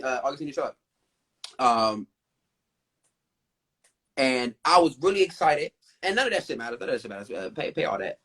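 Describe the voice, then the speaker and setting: Speaking in a mid-range voice, a male host narrates a story in a casual live-stream chat, animated and profane, piling drama onto the events.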